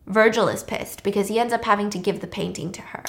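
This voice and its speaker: A woman's voice: medium pitch, fairly even intonation, quick pace, creaky. A woman casually retelling a film's plot with chatty, slangy asides and laughs. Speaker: storyteller host.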